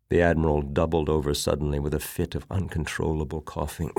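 A man narrating a story as an audiobook reader, measured and expressive. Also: a bass voice, creaky, dry recording, clean studio sound. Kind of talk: audiobook reading.

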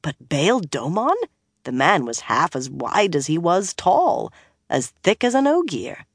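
A measured narrator reads a fantasy audiobook in a steady, even voice. The recording is close and dry, with no room sound around it. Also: medium pitch, slightly rough, no room sound.

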